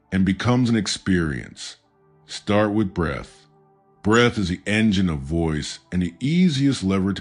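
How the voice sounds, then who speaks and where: A man giving calm, measured, scripted narration of a self-help audiobook. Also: deep voice. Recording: faint background music.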